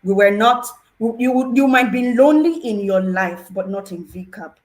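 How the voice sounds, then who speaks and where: Woman, mid-pitched voice, heartfelt panel testimony, emotional and expressive. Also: normal speed, low-quality recording. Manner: earnest, emotional, expressive storytelling. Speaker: program participant sharing testimony. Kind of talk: personal testimony on a panel talk show.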